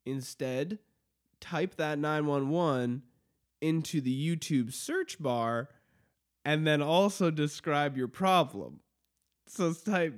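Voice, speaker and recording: A man's voice: fairly high pitch, animated, takes it slowly. A man hosting a podcast in casual chat, with a slightly raised voice. He rambles through stories, swears freely and breaks into laughs, talking into a studio mic. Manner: rambling, profane, laughing often. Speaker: podcast host.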